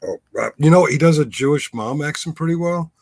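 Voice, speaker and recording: A man's voice: a little high, a little fast, a little mellow, no echo. A man hosting a casual livestream chat, talking in a wry, rambling way that keeps breaking off and restarting. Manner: rambling, self-interrupting, wry. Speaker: livestream host.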